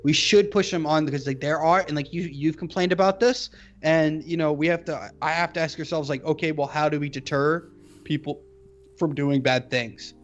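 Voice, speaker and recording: A man co-hosting a podcast, chatting casually in a rambling, profane, animated way. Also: on the high side, normal speed, lo-fi sound. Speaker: podcast co-host.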